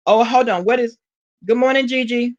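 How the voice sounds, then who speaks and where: A woman from Alabama with a Southern accent, chatting casually to her live-stream viewers and reading their comments, sassy and quick to laugh. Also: on the high side, a little mellow, muffled recording. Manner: sassy, talks straight to chat, laughs often. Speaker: vlogger reading live chat.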